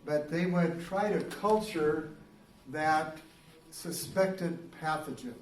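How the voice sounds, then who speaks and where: A man's voice: a little high, slow pace, a little hiss or hum. A male biology teacher giving a casual, rambling classroom lecture, full of fillers and restarts. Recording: roomy classroom, recorded from a distance.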